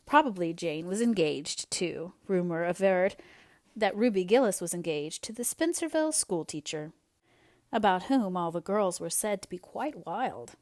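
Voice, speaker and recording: A woman narrating an audiobook in a measured, expressive reading voice. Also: on the low side, dry recording.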